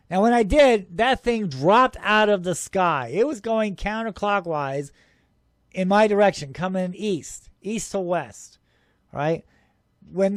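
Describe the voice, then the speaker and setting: A man hosting a UFO show, excitedly talking over his own footage, rambling, laughing often and scoffing at skeptics. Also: high voice, no echo. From Arizona, USA.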